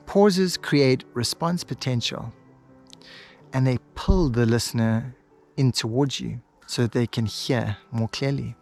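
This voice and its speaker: A man teaching hypnosis, switching between quick lively talk and a slow, soft, paused delivery. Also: mid-range voice, soft background music. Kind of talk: instructional video monologue.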